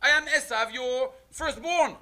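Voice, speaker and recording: Young wife, sharp-tongued and mocking in her comeback; bright, high delivery, voiced by a man. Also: unhurried, heavily acted. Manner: pointed, mocking retort.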